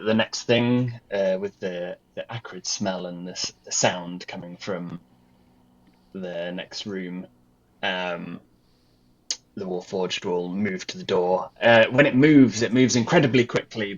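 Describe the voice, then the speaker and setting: A man with a very low, husky voice describes his character's moves in a tabletop game. He pauses and restarts often as he thinks aloud. The sound is dull and lo-fi. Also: steady tone. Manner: halting, many fillers and restarts. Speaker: player.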